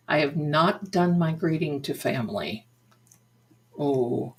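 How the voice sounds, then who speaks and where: A woman's voice: deep voice, animated, takes it slowly, pauses often. An older woman hosting a psychic livestream in casual, effusive chat, full of endearments like "my darling.". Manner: chatty and effusive, showering viewers with endearments. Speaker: psychic medium and livestream host.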